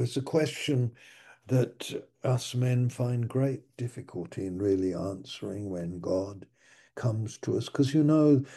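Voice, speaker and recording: A male preacher delivers a sermon in a very dark, husky voice. He speaks slowly, stumbling and repeating words as he works his way toward each point. A gravelly fry runs under his lower phrases. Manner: halting, repeats words while searching for them.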